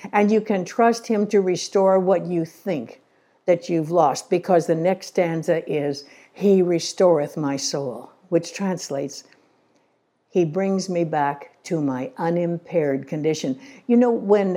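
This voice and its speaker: Woman speaking in a low, mellow voice. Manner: earnest storytelling, slows on key phrases. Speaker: church speaker. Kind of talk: sermon-style talk. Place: church.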